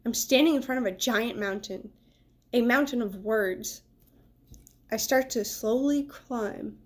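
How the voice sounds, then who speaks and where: Woman storyteller, children's book read-aloud, fairly high voice, points out the pictures. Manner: pauses to describe the pictures.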